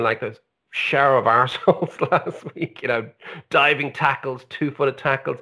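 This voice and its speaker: A man co-hosting a casual football chat, ranting with swearing and an animated, exasperated manner. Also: medium pitch. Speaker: podcast co-host.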